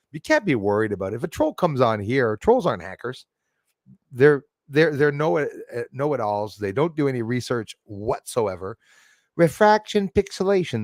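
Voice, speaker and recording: A man's voice: mid-range voice, no room sound. A man streaming live from the woods, talking to his chat in loose, rambling bursts. He is blunt and swears freely, shrugging off critics with a laugh. His mid-range voice sounds close and dry, with no room around it. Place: outdoors in a forest.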